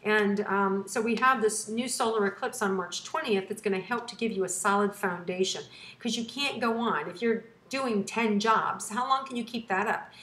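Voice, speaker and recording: A woman's voice: medium pitch, normal speed, a bit bright. Chatty woman astrologer, echoey room. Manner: chatty, reassuring, frequent fillers and restarts. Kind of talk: astrology forecast to camera.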